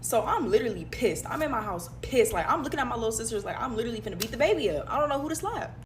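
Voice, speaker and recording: Woman talking super fast, kinda high voice, heated storytime. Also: big pitch swings, faint music behind. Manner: rapid, heated and emphatic. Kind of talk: casual storytime to camera.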